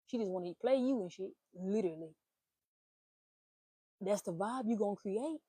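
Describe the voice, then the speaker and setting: A young woman hosting a casual talk stream, giving blunt, profane relationship advice in an animated rant. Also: mid-range voice, moderate pace, breathy edge, no echo. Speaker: host.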